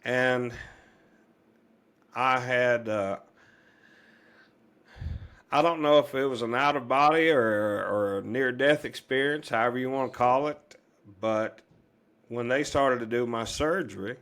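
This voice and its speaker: Man, middle-aged, medium pitch, earnest rambling storyteller, lots of fillers. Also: fairly bright tone. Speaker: podcast guest. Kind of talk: personal storytelling in an interview.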